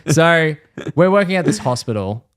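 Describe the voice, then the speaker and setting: A man's voice: on the high side, animated, moderate pace, dry recording, clean studio sound. A young man hosting a podcast who tells a story in casual chat, swears freely and acts out the people in it. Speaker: podcast host.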